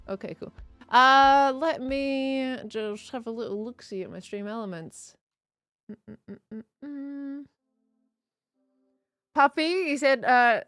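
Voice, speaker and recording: An Australian woman in her thirties hosts a live game stream, chatting easily and reading viewer comments aloud between bits of play. Her voice sits a little high for a woman, and faint game music plays softly behind her. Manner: chatty, greets viewers and reads chat aloud, frequent laughs. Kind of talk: casual live-stream chat while playing.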